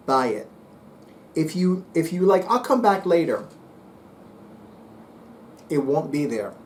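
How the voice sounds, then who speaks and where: A man talking casually to his viewers, chatty and playful with lively asides. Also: on the high side, slight background noise. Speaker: psychic reader and YouTuber. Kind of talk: casual monologue to camera.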